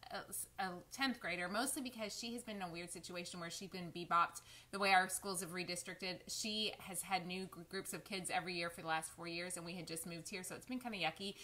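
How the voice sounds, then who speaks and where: A woman, chatting on a live stream and fighting back tears. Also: mid-range voice. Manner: warm, chatty, emotional, addresses viewers as y'all. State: close to tears. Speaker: lifestyle vlogger. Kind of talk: casual live-stream chat.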